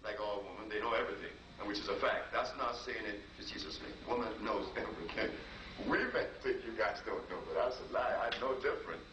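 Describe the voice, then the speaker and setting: Before a live audience, a man tells a personal story in a conversational, repetitive, anecdotal lecture. His voice is fairly low and quick-paced. The live recording sounds roomy, distant and noisy.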